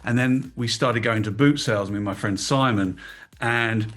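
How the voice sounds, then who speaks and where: A middle-aged man from England, a guest in an interview, telling animated, emotional stories about his past in casual chat. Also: mid-range voice, moderate pace. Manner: animated storytelling, emotional, self-deprecating. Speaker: guest, toy designer.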